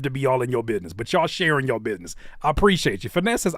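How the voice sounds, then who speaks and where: A man's voice: medium pitch, fast, breathy edge, no room sound, clean studio sound. A man hosting a live music stream, chatting casually and playfully teasing his viewers. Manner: animated and playful, reads chat aloud and teases viewers.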